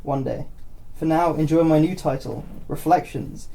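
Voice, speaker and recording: Gravelly man reading pieces aloud. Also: fairly high pitch, normal speed, mellow. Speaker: podcast host reading stories.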